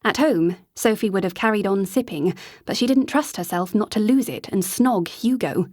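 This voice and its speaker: Woman narrator, audiobook reading, mid pitch, dry close studio sound. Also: moderate pace, a little mellow, dry recording. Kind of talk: scripted narration.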